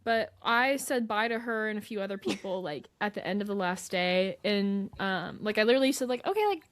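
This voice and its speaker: A woman's voice: medium pitch, fairly quick. A young woman, co-hosting a podcast and telling an emotional story in casual chat. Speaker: podcast co-host.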